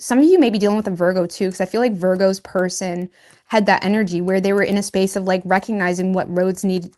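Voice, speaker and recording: A woman's voice: medium pitch, a little mellow. A woman giving a casual tarot reading, chatty and loose, laughing at herself and filling her talk with "like" and "you know". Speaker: tarot reader.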